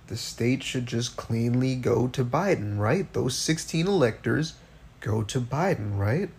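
A man's voice: medium pitch, a little mellow. Guy on a podcast going off on politics, swears a lot, keeps asking "right?". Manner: riled-up, profane ranting with rhetorical questions. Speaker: podcast co-host. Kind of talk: casual political podcast chat.

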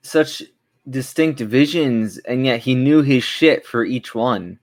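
A man's voice: mid-range voice, slow, dry recording. A man co-hosting a podcast in casual chat, giving blunt, opinionated takes. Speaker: podcast co-host.

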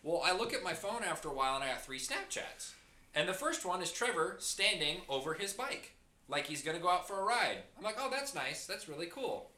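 A man hosting a casual podcast chat, telling stories in an animated way and swearing freely. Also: high voice, fairly quick. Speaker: podcast host. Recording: roomy echoey room.

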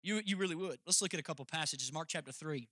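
A man's voice: a little high, fast, bright, forceful tone, no room sound, studio quality. A man preaching a sermon as pastor, emphatic and jokey, speaking straight to his congregation.

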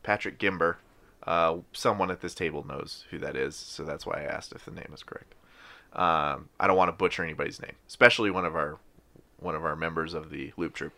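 A man's voice: rumbling low, fairly quick, vocal fry, sharp tone. A man hosting a casual podcast, talking in a wry, rambling way with offhand swearing. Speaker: podcast host.

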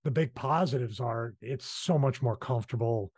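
A man's voice: mid-range voice, normal speed, darkish tone, husky, dry recording. Philly-accented male podcast host, loose rambling delivery, dry close mic. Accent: Philadelphia. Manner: chatty, rambling, restarts his sentences. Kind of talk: casual podcast chat.

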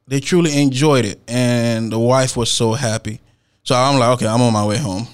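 A man's voice: medium pitch, normal speed, smooth. A man, a performance poet, telling a story in a casual, slangy way. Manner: slangy, animated retelling with laughs and acted-out quotes.

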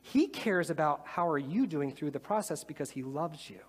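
A man's voice: on the high side, animated, normal speed, slightly rough. A man preaching a sermon to a live congregation, conversational and enthusiastic. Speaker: pastor. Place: church with audience. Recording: reverberant church hall.

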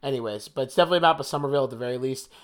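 A man's voice: medium pitch, very fast. Young jersey guy rambling on a podcast, lots of likes and um, restarts mid sentence. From New Jersey. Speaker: podcast co-host. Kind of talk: casual chat.

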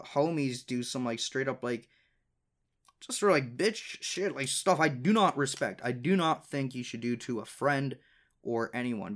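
A man's voice: mid-range voice, fairly bright tone. Profane young man ranting. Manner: profane and exasperated, laughing between lines. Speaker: podcast host. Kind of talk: casual storytelling rant.

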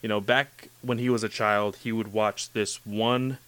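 A man hosting a casual chat about anime, gushing and excitable, with lots of "like" and "you know". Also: on the low side, unhurried, clear, resonant tone, no echo. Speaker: podcast host discussing anime.

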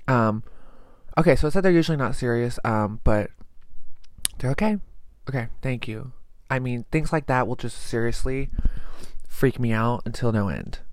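A man's voice: medium pitch, normal speed, dry recording. A young man who is a student teacher, chatting casually and rambling anxiously in a vlog. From American South. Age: young adult. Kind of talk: casual chat.

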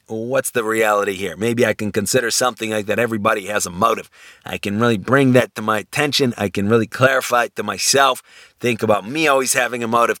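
A man's voice: mid-range voice, pushed and bright, no room sound, clean studio sound. A man giving a lecture, thinking aloud with frequent restarts, rhetorical questions and wry everyday examples. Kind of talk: university lecture.

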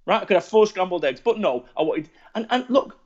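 A man's voice: high voice, a little fast, muffled recording. A man, chatting bluntly and swearing freely as he tells stories about himself. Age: 40s. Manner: blunt, sweary, animated storytelling. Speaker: podcast guest. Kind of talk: casual chat.

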